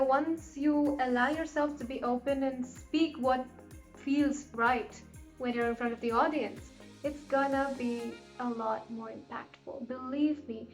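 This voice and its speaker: Woman vlogger, high voice, friendly and rambling, talks to the viewer like a pal. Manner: chatty and encouraging, with lots of fillers and asides. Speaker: vlogger giving advice. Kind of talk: casual advice chat to camera.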